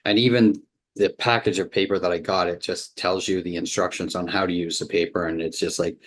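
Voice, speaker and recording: Low-voiced man rambling about his photo prints. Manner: rambling, restarts sentences, easily impressed. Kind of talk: casual home video walkthrough.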